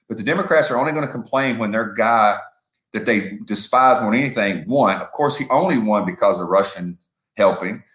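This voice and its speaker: A man's voice: lowish voice, fairly quick, a bit bright, roomy sound. A man co-hosting a political podcast, rambling and making sports comparisons. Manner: rambling, uses football comparisons, acts out quotes. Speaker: podcast co-host. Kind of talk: casual political commentary.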